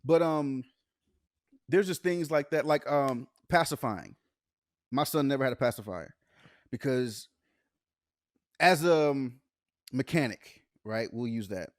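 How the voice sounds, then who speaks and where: A man's voice: medium pitch, measured pace, pauses often, no echo, clean studio sound. A young man co-hosting a podcast, telling casual stories with a lot of laughter and acted-out dialogue. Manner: laughs often, animated storytelling with acted-out dialogue. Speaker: podcast co-host. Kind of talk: casual chat.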